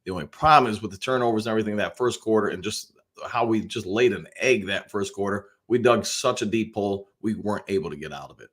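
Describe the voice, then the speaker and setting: This fast-talking football show host has a fairly low, slightly bright voice with a bit of roughness. He's from the Detroit area and reads viewer comments live, giving his take in an upbeat, rambling way with frequent restarts and fillers while greeting people by name.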